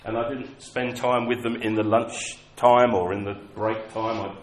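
A man's voice: lowish voice, level tone, moderate pace, a little hiss or hum. A man preaching a sermon, telling personal stories in a conversational, self-mocking way. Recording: echoey hall with faint ambience.

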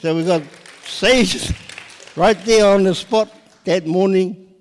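A middle-aged man, telling a personal story in a lively way and laughing often. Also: high voice, slow, long reverb tail, some chatter behind. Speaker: guest sharing his testimony.

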